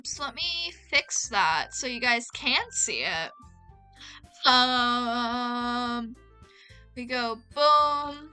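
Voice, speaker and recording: A woman's voice: on the high side, sharp tone, clear, resonant tone. A woman chatting casually to her viewers while playing a game, giggling often and talking straight to chat. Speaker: let's play gamer. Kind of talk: casual gameplay commentary.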